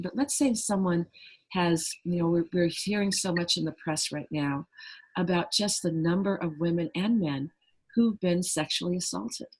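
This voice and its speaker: A woman's voice: lowish voice, a little mellow, husky, poor audio. A middle-aged woman, a trauma resilience trainer, explaining earnestly in an interview and acting out little quoted voices. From United States.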